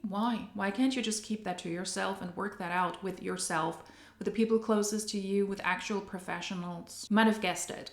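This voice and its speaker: Blunt woman commentator, echoey room. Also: mid-range voice. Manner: questioning, blunt, rhetorical. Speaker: commentary video host. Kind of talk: critical commentary.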